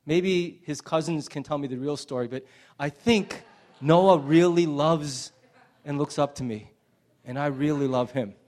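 High-voiced impassioned male pastor. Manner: impassioned, swinging from loud emphasis to hushed near-whispers. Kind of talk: sermon.

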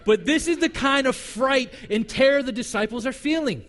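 A man pastor delivering a sermon, telling the story in an animated, conversational way. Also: very high voice, normal speed.

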